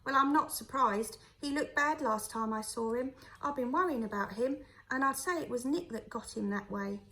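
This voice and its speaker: A rough but kindly boatman with a strange accent muses out loud to a small boy, as a woman reading the story puts him on. He speaks warmly and slowly, working his thoughts out as he goes, in a fairly high voice. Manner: friendly, slow, musing.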